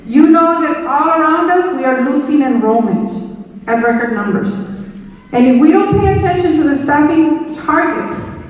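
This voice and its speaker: In a large, echoey auditorium, a middle-aged school superintendent addresses staff in a high, animated voice at normal speed. She's emphatic and repeats her key points, and her voice sounds far off.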